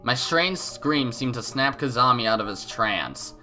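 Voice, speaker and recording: A man's voice: mid-range voice, animated, measured pace, pushed and bright, faint music behind. Man reading game narration with a cold. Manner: casual, jokey asides between reading. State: has a cold. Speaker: let's play host.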